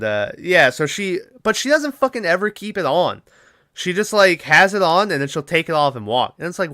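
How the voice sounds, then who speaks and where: A man's voice: mid-range voice, sharp tone, no echo, studio quality. Casual swearing man recapping a movie. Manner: rambling, swears often, lots of fillers. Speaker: podcast co-host.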